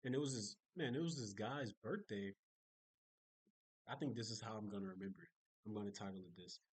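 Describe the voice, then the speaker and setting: A young man talks through his day in a loose, rambling video diary, piling up fillers and restarts as he goes. His voice sits a little low, and the sound is dry and close, with no room around it. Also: a little fast, darkish tone, breathy edge, no room sound, poor audio. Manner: rambling, chatty storytelling with many fillers and restarts. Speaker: vlogger.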